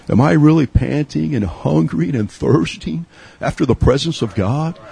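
Earnest middle-aged preacher from Texas. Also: male voice, gravelly, warm tone, slightly rough, dry recording. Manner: earnest, repeats and restarts, swings from high urging to low murmur. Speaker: pastor. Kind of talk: sermon.

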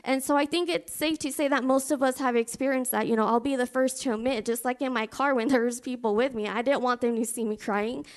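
Woman preacher, higher-pitched voice, earnest personal storytelling sermon. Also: steady tone, a little fast, few pauses. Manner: fervent spoken prayer.

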